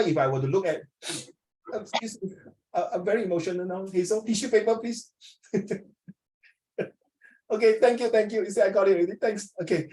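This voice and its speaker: A man with a Singaporean accent teaching a class, joking with his students and quizzing them. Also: fairly high pitch. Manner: joking, asks students questions, mixes in Mandarin. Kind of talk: classroom lesson.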